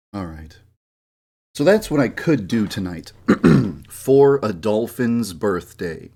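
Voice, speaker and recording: Low-voiced man streaming casual chat. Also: big pitch swings, extremely slow, creaky, pauses often, dark tone, husky. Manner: shifts into a formal, lecturing delivery; grumbles and vents frustration. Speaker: game developer streaming.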